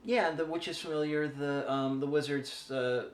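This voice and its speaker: A man's voice: fairly high pitch, steady tone, measured pace. A man co-hosting a podcast who talks in rambling, hesitant critique, often restarting his sentences. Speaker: podcast co-host. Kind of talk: casual chat. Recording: echoey room.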